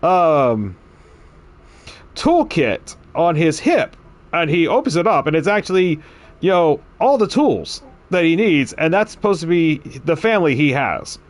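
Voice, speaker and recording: A male game streamer talking casually, his voice fairly high for a man and bouncing widely in pitch. He rambles and chuckles as he tells stories to his chat. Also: a little slow. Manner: rambling, chuckling, animated storytelling.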